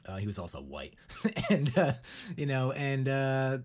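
A man's voice: mid-range voice, big pitch swings, a little slow, a little mellow. A man co-hosting a podcast in casual chat, rambling and sarcastic. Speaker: podcast co-host.

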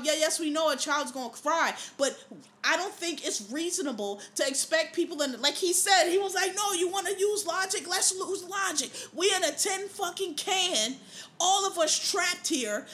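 A woman's voice: high-pitched, bright, forceful tone. A woman podcast host ranting in casual, profane, exasperated commentary.

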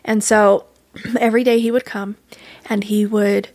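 A woman guest telling a personal story in an interview, earnest and animated, acting out quoted dialogue as she goes. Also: mid-range voice, a little slow, no echo.

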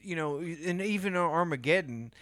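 Lively high-voiced man swearing loosely. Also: normal speed, dry recording, studio quality. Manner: crude, loopy, swears freely. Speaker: podcast co-host. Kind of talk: casual banter.

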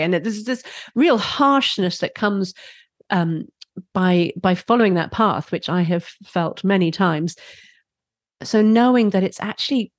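A woman who works as a parenting instructor, talking as a guest in a podcast interview, playful and quick to laugh. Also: mid-range voice, dry recording, clean studio sound. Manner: playful, laughs easily, animated. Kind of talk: conversational interview.

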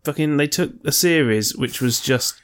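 A man's voice: a little high, moderate pace, fairly bright tone. A man co-hosting a podcast in casual chat, rambling, joking and swearing freely. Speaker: podcast co-host.

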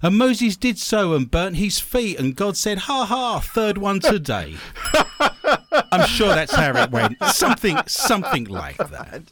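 A man's voice: high-pitched, wildly swooping pitch, unhurried, a crowd in the background. A man hosting a comedy quiz show and reading listener mail, with a dry joking delivery and laughing at his own gags.

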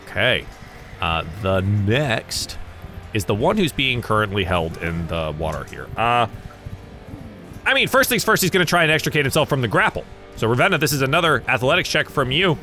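A man from the American South narrating a tabletop game as game master, animated and chuckling between dice rolls. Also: mid-range voice, moderate pace, faint music behind.

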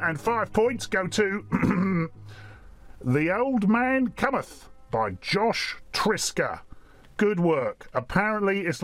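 A man voicing a foul-mouthed, impatient male vampire celebrity, gruff and sweary in a comedy sketch. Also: fairly high pitch, a bit bright.

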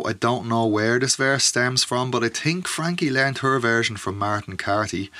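A man hosting a podcast, chatting quickly and digressively about old folk ballads. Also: on the low side, pushed and bright, no echo. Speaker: podcast host. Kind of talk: spoken commentary on folk ballads.

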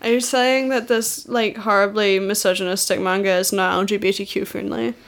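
A woman co-hosting a podcast, chatting casually about a manga with wry, deadpan asides and lots of fillers. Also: mid-range voice, brisk. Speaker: podcast co-host.

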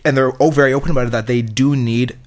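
A man in casual podcast chat, speaking haltingly with restarts and throwing in jokes. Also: medium pitch, fairly even intonation. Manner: halting, restarts, joking interjections. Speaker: podcast co-host.

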